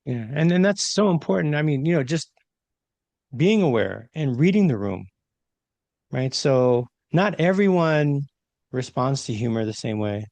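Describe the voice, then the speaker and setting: A man co-hosting a podcast, talking through leadership ideas in a reflective, animated way and often checking in with "right?". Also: mid-range voice, measured pace, gravelly, dry recording. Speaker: podcast co-host, leadership trainer. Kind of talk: casual conversational podcast talk.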